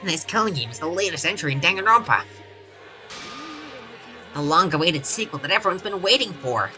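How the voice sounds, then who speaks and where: A woman's voice: fairly low pitch, animated, brisk, sharp tone, soft background music. Monokuma, a woman doing a gloating bear headmaster. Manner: gloating, taunting. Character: mischievous male bear headmaster.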